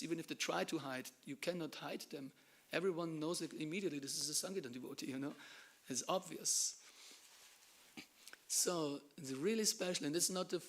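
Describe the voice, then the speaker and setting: Brief: male temple lecturer, slightly high voice, lively storyteller with hushed asides. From Germany. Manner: animated storytelling, acts out dialogue, drops to hushed asides. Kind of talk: devotional class talk.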